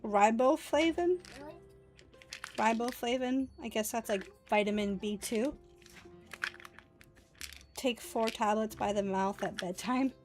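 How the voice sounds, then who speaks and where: A woman's voice: a little high, fairly even intonation, measured pace, pauses often, a little mellow, faint music behind. Chatty woman streaming a game. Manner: chatty, laughs often, reads game lines aloud. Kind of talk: casual gaming stream chat.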